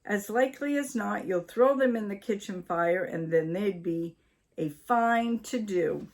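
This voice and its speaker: A woman reading aloud and voicing a fussy, flustered wife in a high, shrill, scolding voice. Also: a little slow.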